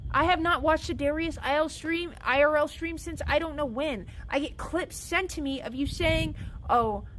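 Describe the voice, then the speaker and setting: A woman's voice: high voice, normal speed, fairly bright tone, rough recording. A woman streamer in an angry, upset rant, swearing and repeating herself.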